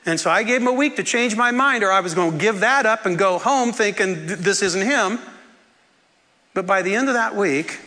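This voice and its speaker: A man telling a personal story in a sermon, animated and often laughing as he acts out the people in it. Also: sits high, a little fast, few pauses, big-room sound. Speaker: preacher.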